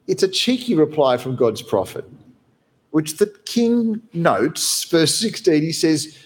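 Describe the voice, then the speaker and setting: A man who is a pastor, preaching a sermon from behind the pulpit in an animated, conversational way. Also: unhurried. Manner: animated, conversational preaching with wide swings in pitch.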